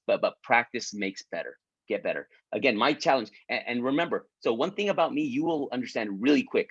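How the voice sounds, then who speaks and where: A man's voice: medium pitch, fairly quick, breathy edge, no room sound. Male coach, casual pep talk, restarts often, mid-range voice, close and dry, muffled lo-fi sound. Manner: repetitive, stumbling restarts, keeps asking "right?"; encouraging, pleading with listeners. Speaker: business coach leading an online group.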